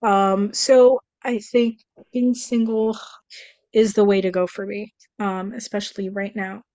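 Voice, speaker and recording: A woman on a podcast who talks openly and earnestly, stumbling and restarting as she finds her words. Her voice is steady in pitch with little melody. The sound is close and dry, with no room around it. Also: no room sound. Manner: earnest, emotional, halting with restarts. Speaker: podcast co-host. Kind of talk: candid podcast conversation.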